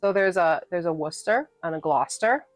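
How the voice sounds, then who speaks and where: A woman's voice: on the low side, animated, brisk, dry recording, soft background music. Playful, laughing woman streamer. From New England. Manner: playful and sassy, laughing often. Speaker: livestreamer and author reading her novel. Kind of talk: casual live-stream chat with viewers.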